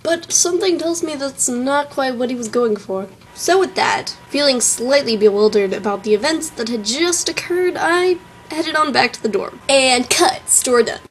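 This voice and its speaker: A woman's voice: high-pitched, expressive, moderate pace, slight background noise, rough recording. A young woman with a Southern American accent, telling a story in a chatty, wry, self-mocking way on her vlog. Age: young adult. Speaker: vlogger.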